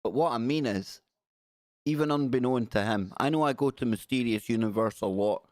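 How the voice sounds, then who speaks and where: His mid-range voice a little mellow and at normal speed, a man in his forties hosts a casual live stream. He rambles, jokes, and reads viewer messages aloud, recorded at studio quality with no room sound.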